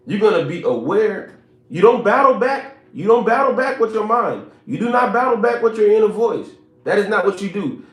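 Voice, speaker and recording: A man giving a motivational live stream talk, emphatic and preacher-like, repeating his points and asking the chat to respond. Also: sits high. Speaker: motivational speaker. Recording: roomy echo with faint music.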